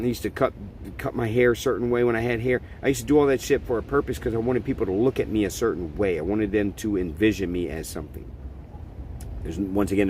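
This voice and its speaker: A man's voice: lowish voice, darkish tone, a little hiss or hum. A middle-aged man hosting a podcast, delivering a blunt, profane opinion monologue in a ranting manner. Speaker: podcast host.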